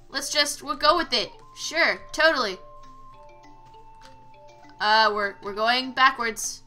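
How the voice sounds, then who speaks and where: A woman's voice: fairly high pitch, animated, slow pace, long pauses, pushed and bright, faint music behind. A young woman giving casual let's-play commentary, exclaiming at failures and trading sarcastic asides with the game. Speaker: gameplay commentator.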